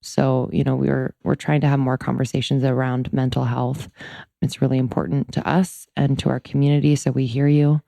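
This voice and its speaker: Woman, young adult, podcast co-host, casual chat, laid-back, low voice, gravelly. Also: little pitch movement, normal speed, warm tone, no room sound. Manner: laid-back, laughs often.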